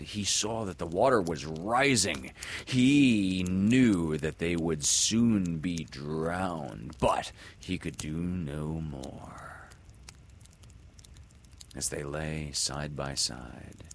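A man reading a children's story aloud in a dramatic way, swinging from loud calls to soft whispers. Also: sits low, very animated, slow pace, a little hiss or hum.

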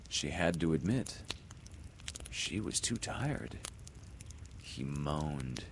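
A man reading a children's story aloud, swelling loud and dropping to hushes with the action. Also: a bass voice, lively intonation, slow pace, vocal fry, long pauses, slight background noise. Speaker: narrator.

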